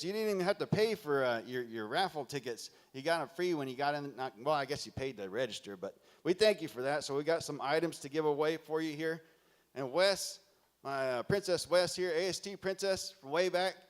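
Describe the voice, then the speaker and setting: A man with a slightly high voice emcees a conference on a mic in a large hall. He booms out applause cues and reads raffle numbers slowly and clearly. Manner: loud, hearty, calls out raffle numbers slowly.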